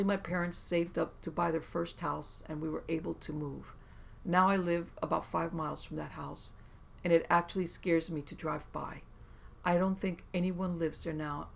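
Gravelly, measured horror-story narrator. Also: mid-range voice, slight background noise. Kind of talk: scripted narration of true scary stories.

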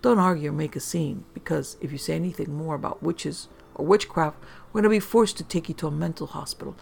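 A storyteller voicing a calm, coaxing, sinister woman from a film. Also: mid-range voice, quick pace, vocal fry, slight background noise.

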